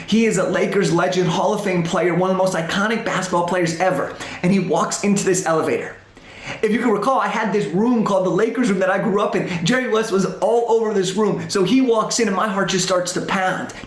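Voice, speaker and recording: A young man giving a motivational storytelling talk to a school assembly, animated and using dramatic pauses. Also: high voice. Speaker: motivational speaker. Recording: roomy echo.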